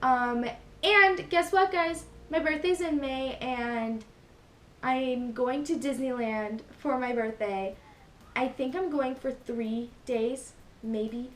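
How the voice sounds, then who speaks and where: A young woman vlogger with a high voice talks at a slow pace, casually rambling through a story with fillers and self-corrections. A little hiss or hum comes through, and the echoey room carries faint music behind her.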